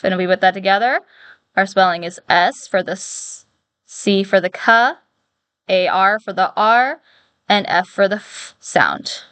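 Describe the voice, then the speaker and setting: A woman's voice: medium pitch, a bit bright, smooth, no room sound. Patient woman teaching phonics. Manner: patient, slow sounding-out of letters. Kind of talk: phonics lesson.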